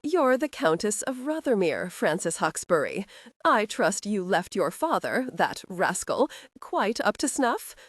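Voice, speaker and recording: A woman's voice: fairly high pitch, very animated, slow, no echo, clean studio sound, heavily acted. A woman reading the lines of a jovial older male nobleman in an audiobook, cheerful and teasing.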